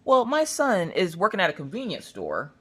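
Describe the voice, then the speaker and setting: A woman's voice: moderate pace, slight background noise. A woman crafting vlogger chatting casually, telling family stories with lots of restarts and acted-out voices. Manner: animated, acts out family members in shrill high voices; chatty, with many restarts and "look, listen". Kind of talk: casual storytelling chat.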